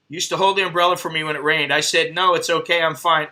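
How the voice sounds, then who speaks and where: Speaking fairly quickly with few pauses and big swings in pitch, a middle-aged man from the United States tells crude, profanity-laced anecdotes in a loose vlog monologue full of asides. His high, bright voice sounds pushed, tense and piercing.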